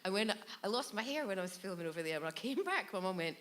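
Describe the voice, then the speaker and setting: A woman's voice: mid-range voice, animated, fast, very noisy. A woman guest on a live podcast in a bar, animatedly telling stories, laughing often and mimicking people. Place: live show in a bar venue.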